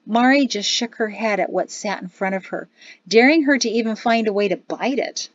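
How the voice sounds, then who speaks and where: A woman narrates an audiobook in a steady, even storytelling voice at a middle pitch. The recording is dry and close, with a slightly dull top end. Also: moderate pace, dry recording. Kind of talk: scripted narration.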